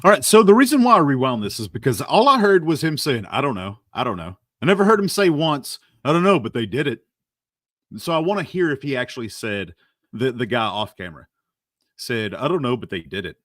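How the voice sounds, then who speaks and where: Male stream host, casual rambling commentary, lively pitch, dry sound. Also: a little fast, no room sound. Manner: rambling, laughing, repeats words. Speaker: show host reacting to clips.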